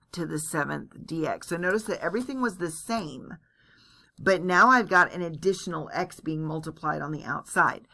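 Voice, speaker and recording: A woman's voice: low-pitched, gravelly, sharp tone. A woman teaching calculus in a recorded lecture, chatty and self-deprecating as she walks through each step aloud. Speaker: math teacher.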